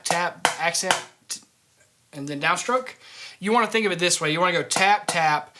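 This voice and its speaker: A man's voice: high-pitched, heavy background noise. A man teaching a drumming lesson, explaining each step and checking in with "okay?" after every point. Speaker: drum teacher. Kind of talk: instructional lesson.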